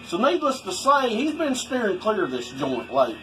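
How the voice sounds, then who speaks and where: A man's voice: sits high, wildly swooping pitch, a little fast, sharp tone, soft background music, poor audio. A man telling rambling, folksy stories in casual talk. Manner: folksy, rambling, swoops for effect. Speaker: storyteller vlogger.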